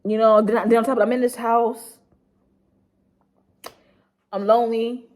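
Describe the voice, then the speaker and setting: A woman's voice: a little high, flat delivery, normal speed, a little mellow. A young woman vlogging to her viewers while grieving, rambling with lots of "like" and speaking bluntly, with swearing. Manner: rambling, heavy use of "like", blunt and profane. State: grieving, subdued. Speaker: YouTuber. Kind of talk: emotional storytime vlog.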